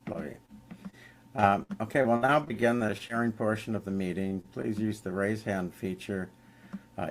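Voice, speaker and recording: A man's voice: low voice, a little hiss or hum. A man chairing an online recovery meeting, giving friendly, informal instructions and calling on speakers over a video call.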